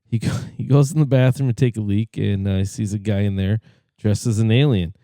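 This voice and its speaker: A man's voice: on the low side, fairly even intonation, brisk, dark tone, no echo, studio quality. A male podcast co-host in casual chat, laughing easily as he tells a joke.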